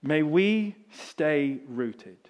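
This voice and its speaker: A middle-aged man preaching a sermon, telling a story that drops soft and low and then rises loud and high. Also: expressive, extremely slow. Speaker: pastor.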